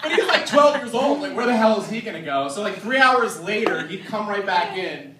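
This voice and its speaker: A man's voice: high-pitched, lively intonation, a little fast. A man performing a stand-up comedy set, telling loose, profane stories with lots of fillers. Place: comedy venue stage. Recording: echoey room, distant mic, noisy.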